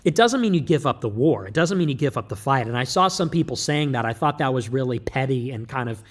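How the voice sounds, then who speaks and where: A man's voice: medium pitch, expressive, fast talker. A man delivering an emphatic, lecturing livestream monologue, loose and joking in tone. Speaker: livestream commentator.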